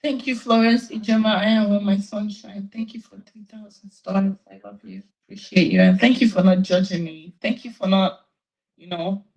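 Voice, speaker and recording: A woman's voice: medium pitch, steady tone, moderate pace, gravelly, darkish tone, muffled recording. A woman on a live stream, tired and tearful, pleading with her fans. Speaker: livestreamer addressing fans.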